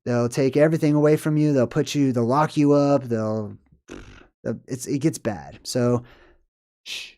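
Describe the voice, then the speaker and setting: A man's voice: medium pitch, normal speed, warm tone. A man giving a rambling, emphatic solo commentary on hidden movie symbolism, often checking in with "right?". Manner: digressive, emphatic, keeps asking "right?".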